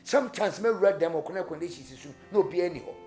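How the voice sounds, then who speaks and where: A man's voice: high-pitched, quick pace, darkish tone, lightly acted. An actor with a Ghanaian accent playing a worried married man pressured by his mother, talking earnestly over a music bed. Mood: troubled. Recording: music bed under dialogue.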